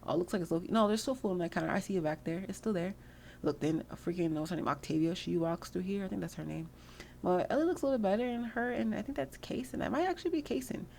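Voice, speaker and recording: A woman's voice: lowish voice, fast talker, gravelly, mellow, a little hiss or hum. A young woman giving casual, slangy gameplay commentary, chatty and freely swearing. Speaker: gameplay video host.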